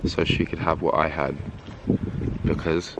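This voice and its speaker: A man talking in a flat, grumbling, deadpan way over casual holiday chat. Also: a bass voice, unhurried. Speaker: vlogger's boyfriend. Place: hotel terrace on holiday. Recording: loud background noise.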